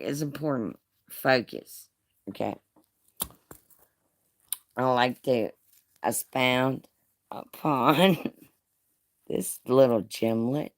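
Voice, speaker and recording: A woman's voice: a bass voice, animated, slow pace, long pauses. A woman chatting casually on a live stream, showing off jewelry, teasing her viewers and laughing with folksy slang.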